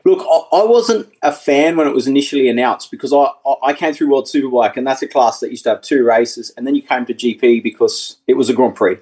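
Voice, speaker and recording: A husky, slightly breathy man in his forties joins a podcast over a video call. He talks in an easygoing, chatty way, restarting his sentences and laughing often as he recalls his racing days. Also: medium pitch, fairly quick, few pauses, a little mellow. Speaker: guest, former motorcycle racer. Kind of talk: casual podcast chat.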